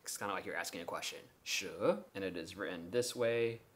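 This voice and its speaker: A man's voice: low voice, quick pace, a bit bright. A man, an English speaker, talking through his language-learning method in a vlog, methodical and explaining step by step with examples.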